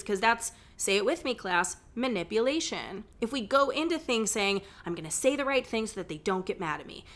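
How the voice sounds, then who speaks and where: A woman in her thirties hosting a podcast, talking casually with lots of asides and playful quoted voices. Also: fairly high pitch. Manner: chatty, animated, quotes herself and others in playful voices; frequent "like" and "okay?" asides. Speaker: podcast host. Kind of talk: casual monologue.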